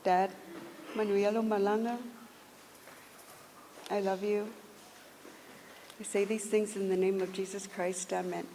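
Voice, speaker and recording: Gravelly-voiced woman giving a eulogy. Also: medium pitch, flat delivery, dark tone. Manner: emotional, measured phrasing. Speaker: eulogy speaker. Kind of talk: funeral tribute. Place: church service. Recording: echoey hall with faint noise.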